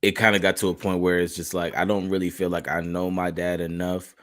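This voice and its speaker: A man's voice: low-pitched, level tone, brisk, fairly bright tone, dry recording, studio quality. A man hosting a podcast interview, talking in a laid-back, rambling way full of casual filler phrases. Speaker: podcast host.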